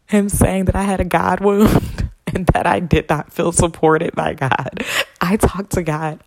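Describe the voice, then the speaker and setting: A woman's voice: fairly even intonation, unhurried, a little mellow, no echo. A woman hosting a casual solo podcast as a spiritual healer, talking candidly and swearing freely. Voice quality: gravelly low voice.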